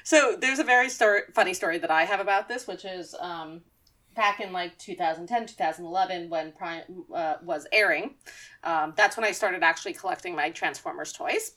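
A woman's voice: lowish voice, fairly quick, fairly bright tone. A woman co-hosting a podcast, chatting casually with joking, giggly asides. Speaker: podcast co-host. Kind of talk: casual chat.

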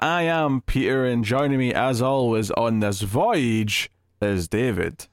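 A man hosting a casual movie podcast, chatty and animated, often laughing. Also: medium pitch, slow, no room sound, studio quality, soft background music. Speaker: podcast host.

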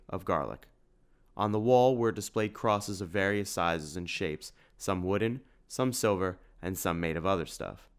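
A man narrating a storybook in a steady storytelling manner. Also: lowish voice, clean tone. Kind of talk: audiobook narration.

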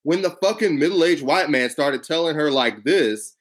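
A man with a slightly high voice and moderate pace co-hosts a podcast of casual political chat. He tells stories animatedly, voicing the quotes, and swears freely.

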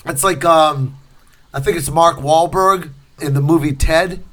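A man's voice: a little high, a bit bright. Easygoing man, casual podcast chat. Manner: easygoing, laughs often, drawn-out trivia setups. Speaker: podcast co-host.

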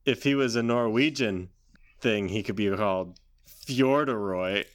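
A man's voice: on the low side, normal speed. A man co-hosting a podcast in casual chat, jokey and fond of puns, steering the talk along. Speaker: podcast co-host.

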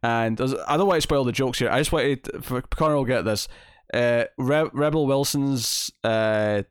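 A man's voice: medium pitch, moderate pace, clear, resonant tone, no echo, studio quality. A man hosting a podcast, talking through a film in casual chat with lots of restarts and fillers. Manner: rambling, many restarts and fillers. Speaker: podcast host. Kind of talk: casual movie review chat.

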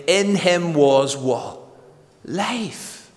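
A man preaching a sermon with emphatic delivery, slowing to drawn-out phrases for stress. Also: medium pitch, animated, fairly bright tone, long reverb tail. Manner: emphatic, varied pace with slow dramatic pauses.

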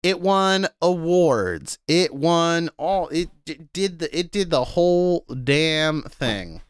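A man's voice: on the high side, lively intonation, slow, clean tone, no echo. A man co-hosting a podcast in casual, joking chat. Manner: joking, reads out slang and review scores. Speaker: podcast co-host.

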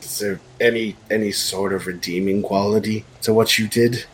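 Man playing a calm questioning god, fairly low voice, probing tone, light background hiss. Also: normal speed, lightly acted, low-quality recording. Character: earnest male interrogator, a god. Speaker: improv comedy performer. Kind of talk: improvised comedy role-play.

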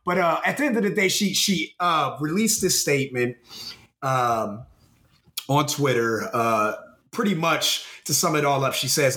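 A man's voice: fairly high pitch, a little slow, roomy sound. A man co-hosting a podcast in casual chat, swearing a lot and repeating his words as he talks. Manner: profane, animated, repeats words. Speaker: podcast co-host.

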